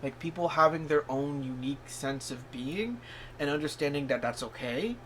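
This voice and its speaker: A man with a somewhat high voice gives a casual tarot reading, rambling in an encouraging way. He fills his talk with "like" and "you know" and jumps into excited, squeaky bursts of surprise. A faint hiss sits under his voice. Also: normal speed. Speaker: tarot reader.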